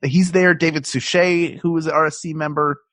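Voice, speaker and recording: A man's voice: on the high side, fairly even intonation, brisk, fairly bright tone, no room sound. A man co-hosting a comedy podcast from his home, talking in a rambling, self-interrupting way and laughing often. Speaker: podcast co-host. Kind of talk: casual chat. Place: his home, recording remotely.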